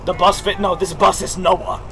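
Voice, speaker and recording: A young man streaming a game, talking loudly and excitedly in jokey slang, swearing often and reacting out loud. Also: high-pitched, normal speed, noisy background. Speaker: gaming streamer. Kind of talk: live gameplay commentary.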